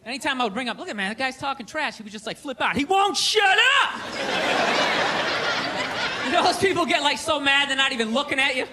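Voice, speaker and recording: A man doing a sarcastic stand-up routine, ranting and shouting his punchlines to a club audience. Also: extremely high pitch, very fast, few pauses. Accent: Boston. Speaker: stand-up comedian. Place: comedy club stage with live audience. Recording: live club recording with crowd laughter and noise.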